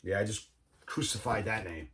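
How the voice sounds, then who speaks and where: A man's voice: on the low side, moderate pace, pushed and bright, slight background noise. A man, casually talking viewers through his record collection, enthusiastic and loose, saying "man" and "all right" a lot. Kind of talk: casual show-and-tell vlog.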